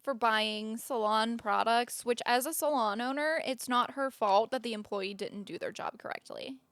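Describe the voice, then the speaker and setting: Chatty American woman, slightly high voice. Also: moderate pace, dry recording, studio quality. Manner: chatty, laughs loudly, teasing. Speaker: podcast co-host. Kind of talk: casual chat.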